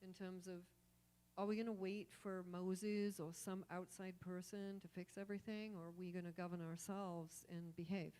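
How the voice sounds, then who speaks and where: A woman speaking casually at a community gathering, her voice a little low. She talks in a chatty, easygoing way. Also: a little mellow. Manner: chatty, laughs between thoughts. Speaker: event speaker.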